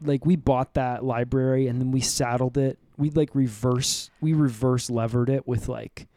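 A man co-hosting a comedy podcast, rambling through an absurd improvised recap with a deadpan delivery. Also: medium pitch, moderate pace, no echo. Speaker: podcast co-host.

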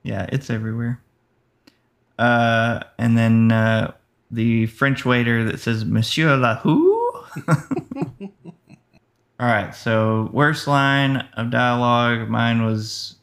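A man with a gravelly, creaky voice talking very slowly on a movie-review podcast. He is dry and matter-of-fact, and he pauses a lot between thoughts. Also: medium pitch, little pitch movement, fairly bright tone. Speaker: podcast co-host. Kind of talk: casual movie-review chat.

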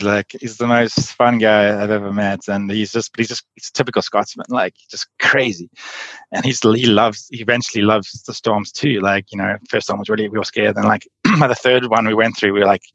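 Brief: man, deep voice, rambling guest storyteller, muffled dry sound. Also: steady tone, moderate pace, a bit bright, dry recording. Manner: rambling, filler-heavy, laughs often. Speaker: podcast guest, endurance athlete. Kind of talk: casual storytelling.

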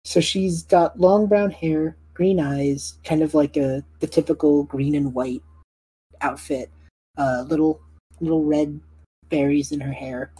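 A woman's voice: deep voice, warm tone, breathy edge, no room sound, low-quality recording. A woman game master narrating a tabletop game, often hesitating and restarting.

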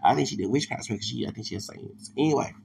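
A man's voice: fairly low pitch, very fast, vocal fry, a little mellow, a little hiss or hum. A man hosting a solo podcast, rambling and digressive, with many restarts and asides. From Texas. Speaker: podcast host.

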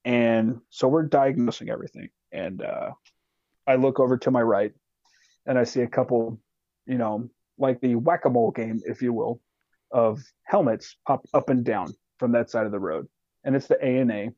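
A man telling a profane, animated war story as a podcast guest. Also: mid-range voice, moderate pace, no echo, highs cut off. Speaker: podcast guest, retired soldier. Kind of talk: casual storytelling.

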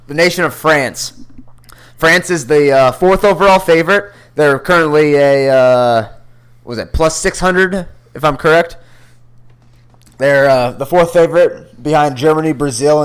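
A man's voice: on the high side, fairly bright tone, clear, resonant tone. A young man co-hosting a podcast over a computer call, talking sports in loose, joking banter with plenty of swearing. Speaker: podcast co-host. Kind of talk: casual sports chat.

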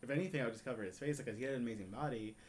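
A podcast participant speaks in a casual, conversational way about a film. They give their opinions bluntly and plainly. Their voice sits in a mid pitch range. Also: rapid-fire, darkish tone. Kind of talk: casual chat reviewing a film.

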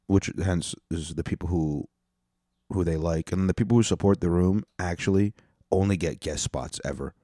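Deep, mellow-voiced man ranting casually. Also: dry recording, studio quality. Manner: profane, rambling, self-interrupting. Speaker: stand-up comedian and podcast host. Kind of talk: casual solo rant.

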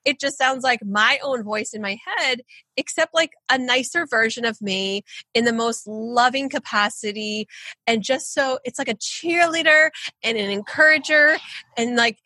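An earnest woman talks through ideas on a podcast in a bright, forceful voice. She sounds encouraging and reflective. The recording is dry and close. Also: fairly high pitch, normal speed, no echo. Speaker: podcast guest, intuitive. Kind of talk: casual spiritual conversation.

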